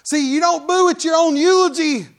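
A middle-aged man preaching a conversational sermon as pastor, breaking into loud mock outbursts now and then. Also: very high-pitched, moderate pace.

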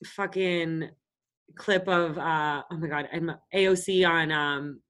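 A woman's voice: deep voice, fairly even intonation, slow, fairly bright tone. A woman around thirty, co-hosting a podcast and telling stories in a casual, blunt and profane way. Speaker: podcast co-host. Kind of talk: casual chat.

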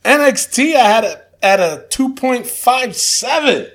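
A man's voice: very high voice, animated, unhurried, fairly bright tone. A man co-hosting a casual chat show, talking hesitantly with lots of fillers and dry verdicts. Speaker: podcast co-host.

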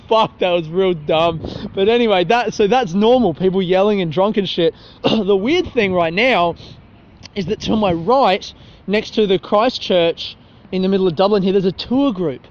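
A man's voice: sits high, measured pace. A young man hosting a rambling solo podcast on a city street at night, talking into his phone, swearing and mocking himself. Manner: profane, self-mocking, laughs at his own jokes. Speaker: podcast host. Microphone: phone held while talking. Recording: dull phone recording with street noise. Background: faint traffic and passers-by.

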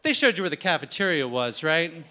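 A man voicing a male sports editor who is chummy and rambles in quick bursts. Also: a little high, sing-song, bright, forceful tone. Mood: breezy. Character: upbeat male sports editor, eager then dismissive.

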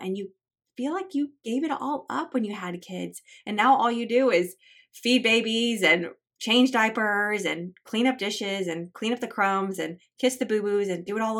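A woman's voice: medium pitch, a bit bright. A woman hosting a podcast, teaching a Bible study in a conversational, encouraging way and speaking straight to mothers. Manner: earnest and encouraging, speaks straight to listening moms; reads scripture and story passages aloud between chatty asides.

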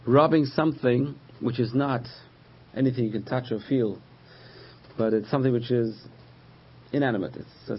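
A man teaching a religious lesson, patiently explaining terms, repeating key words and pausing with frequent uh's. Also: medium pitch, breathy edge, highs cut off. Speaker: Torah teacher.

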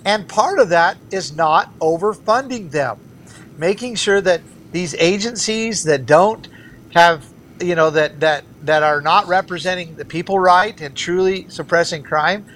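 A man's voice: sits high, unhurried, fairly bright tone, a little hiss or hum. A man who is a candidate for governor, speaking as an interview guest and arguing his political views earnestly and emphatically. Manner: earnest, emphatic, argues in repeated phrases.

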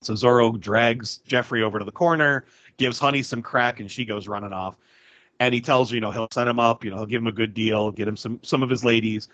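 A man's voice: mid-range voice, a little fast, dry recording, highs cut off. A man co-hosting a podcast, animatedly retelling a movie's scenes and acting out bits of dialogue. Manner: animated retelling, acts out lines, laughs often. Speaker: podcast co-host. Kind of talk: casual film recap chat.

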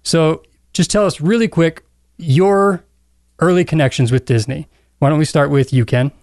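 A man hosting a podcast in casual chat, chatty, laughing easily and throwing in quick asides. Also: on the high side, steady tone, darkish tone, no echo, clean studio sound. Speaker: podcast host.

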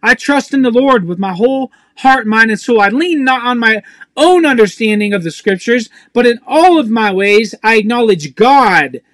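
A man's voice: extremely high pitch, expressive, normal speed, a bit bright, no room sound. A man preaching an intense, raw, emotional sermon, pleading and crying out for help.

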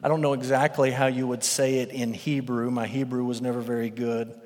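A male pastor preaching a sermon, telling a parable as a lively storyteller who acts out the characters' voices. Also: medium pitch, fairly quick. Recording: long reverb of a large hall.

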